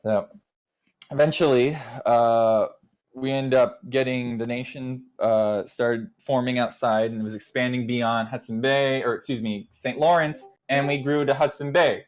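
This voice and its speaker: A man's voice: mid-range voice, steady tone, a little slow. Rambling young man telling a story. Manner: rambling, acts out quoted exchanges. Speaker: nation leader recounting community history. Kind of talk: casual storytelling to an online community.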